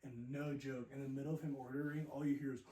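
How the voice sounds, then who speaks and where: A man co-hosting a casual podcast, telling stories with lively acted-out voices, frequent laughter and swearing. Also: mid-range voice, fast talker, crowd noise. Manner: animated storyteller, acts out voices, swears, laughs a lot. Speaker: podcast co-host. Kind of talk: casual chat. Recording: echoey room, mic at a distance.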